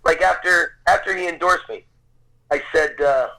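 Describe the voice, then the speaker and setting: Excitable man in his fifties, bright voice. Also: on the high side, normal speed, creaky, poor audio. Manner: excitable, gushing, repeats himself. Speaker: podcast guest, Rocky film tour guide. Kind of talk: storytelling anecdote.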